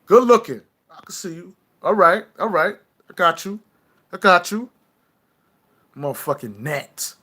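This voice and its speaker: A man's voice: high-pitched, lively intonation, unhurried, pauses often, sharp tone. A man hosting a livestream, ranting brashly and swearing at his viewers. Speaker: livestream host. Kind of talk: profane livestream rant to viewers.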